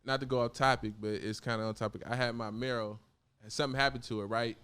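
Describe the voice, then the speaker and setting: A young adult rapper from Oakland, California, is a guest in a casual interview. He speaks fast in a clear, resonant mid-range voice, telling loose, animated stories full of slang and acting out what others said.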